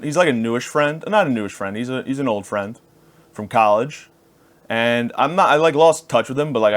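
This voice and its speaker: A man in his thirties hosting a podcast, rambling through a crude, self-deprecating comedic monologue. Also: medium pitch. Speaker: podcast host.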